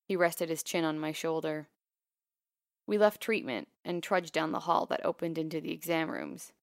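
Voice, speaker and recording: A woman narrating a first-person memoir in a quiet, measured, intimate way. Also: low voice, creaky, no echo, clean studio sound.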